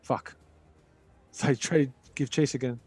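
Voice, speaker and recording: A man playing in a casual tabletop game, eager, loud and blunt. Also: mid-range voice, fairly even intonation, moderate pace, husky. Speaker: player.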